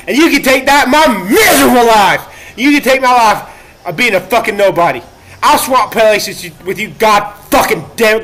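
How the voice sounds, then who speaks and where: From a laundromat, a man livestreams a rant that is crude, unpredictable and full of self-pity, and his very high voice sometimes bursts into shouting.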